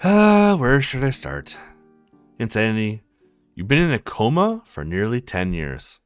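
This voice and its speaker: A man voicing a calm middle-aged male doctor who speaks slowly and measuredly. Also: mid-range voice, smooth, soft background music. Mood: grave.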